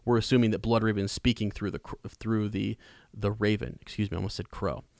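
Brief: male podcast host, lowish voice, rambling, self-correcting. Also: fast, gravelly, no echo. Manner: relaxed, rambling, corrects himself mid-sentence. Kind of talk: casual podcast discussion of a book.

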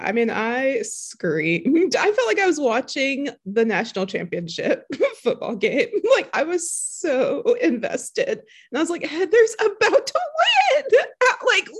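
A woman in a casual group chat, excitable and laughing often as she talks. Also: high voice.

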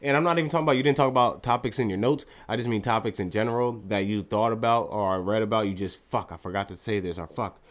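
A man's voice: mid-range voice, quick pace, few pauses. A young man co-hosting a podcast in loose, rambling casual chat, swearing freely. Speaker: podcast co-host.

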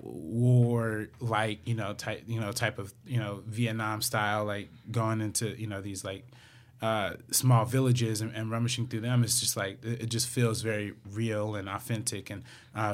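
Halting man chatting about films. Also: fairly low pitch, level tone. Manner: halting, many fillers and restarts. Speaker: film podcast co-host. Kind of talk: casual film review chat.

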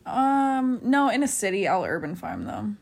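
A woman's voice: medium pitch, wildly swooping pitch, normal speed, gravelly, a little mellow. Chatty young woman podcaster. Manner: chatty, rambling with fillers. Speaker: podcast co-host. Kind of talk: casual chat.

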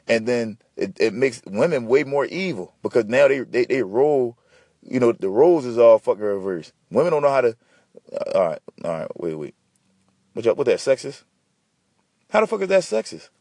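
A man's voice: medium pitch, lively intonation, fairly quick, dark tone, dry recording, studio quality. A man hosting a podcast alone, giving blunt, profane, rambling advice in an unscripted casual monologue. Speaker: podcast host.

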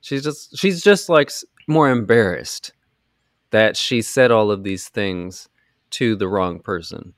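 A man hosting a podcast, recapping a movie in casual chat with animated sarcasm and free swearing. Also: fairly low pitch, takes it slowly, no echo, clean studio sound. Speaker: podcast host.

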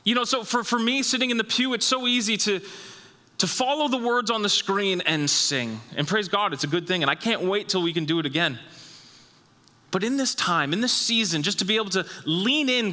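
A man preaching a sermon as pastor, emphatic and repetitive, his voice rising high when he stresses a point. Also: moderate pace, pushed and bright, long reverb tail. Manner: emphatic, repeats phrases, rises in pitch when stressing a point.

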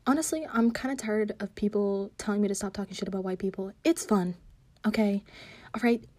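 A woman's voice: medium pitch, fairly quick, darkish tone, no echo. Sassy profane woman ranting. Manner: profane, rambling, with sudden whispered asides; sassy, scolding an absent target. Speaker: vlogger. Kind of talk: casual rant.

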